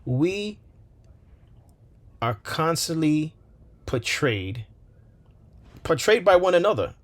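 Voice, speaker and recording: A man's voice: on the high side, big pitch swings, slow. A man hosting a commentary channel, speaking with passion, firing rhetorical questions and repeating phrases for emphasis. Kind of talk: opinion commentary monologue.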